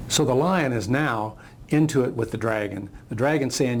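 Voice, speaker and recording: Gravelly older man telling a story. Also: mid-range voice, moderate pace, a little hiss or hum. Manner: reflective, storytelling. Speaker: speaker. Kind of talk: motivational talk, storytelling.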